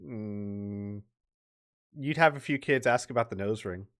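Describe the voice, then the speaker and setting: A man narrating as game master for a tabletop game, relaxed and chatty, with many fillers and laughs. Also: on the low side, measured pace.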